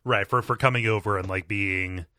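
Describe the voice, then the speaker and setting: A man's voice: on the low side, fairly even intonation, moderate pace, bright, forceful tone, dry recording, studio quality. A man co-hosting a podcast in casual chat, rambling with many restarts and frequent laughter. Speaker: podcast co-host.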